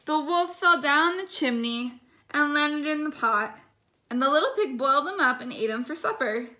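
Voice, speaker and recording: A woman reading a bedtime story aloud in a gentle, expressive way. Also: sits high, normal speed.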